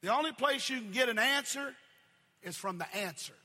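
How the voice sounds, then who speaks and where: A male pastor with a high, piercing, bright voice delivers a sermon in repeating cadences. He swells to shouts and falls back to near-murmurs. His voice rings out with a long hall reverb. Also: expressive, normal speed. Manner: preaching in repeated cadences, swelling to shouts then dropping low.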